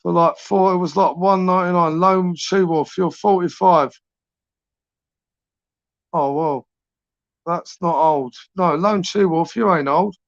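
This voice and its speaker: A man in his forties, talking a little high for a man as he hosts a late-night live stream. He rambles through chat messages with sweary, matey banter. The sound is dry and dull, like lo-fi stream audio. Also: fairly even intonation, unhurried, long pauses, dry recording. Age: 40s.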